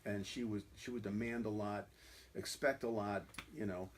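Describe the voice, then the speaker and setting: A man's voice: on the low side, fairly even intonation, moderate pace. A man who is a guest musician, telling stories in a rambling way, full of "you know" fillers. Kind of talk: conversational storytelling.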